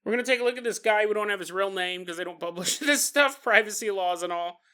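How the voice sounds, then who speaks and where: Guy hosting a podcast, cracks crude jokes and laughs, kinda bright sounding. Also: high voice, fast, smooth. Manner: jokey, laughs often; crude humor. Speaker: podcast host. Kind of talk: comedic storytelling monologue.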